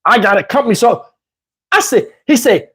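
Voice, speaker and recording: A man from New Jersey tells a crude story, his pitch swinging all over and his voice a little husky. He talks fast and loose with lots of asides, close on a lapel mic. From Camden, New Jersey. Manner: profane, animated, lots of asides. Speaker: channel host. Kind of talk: comedic storytelling.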